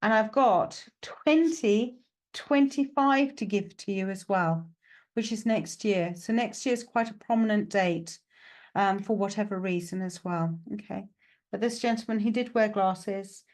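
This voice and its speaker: With a mid-range, darkish voice and a slightly slow delivery, a woman conducts a live psychic mediumship reading. She chats reassuringly, filling gaps with "okay" and "right," and makes fun of herself with a laugh.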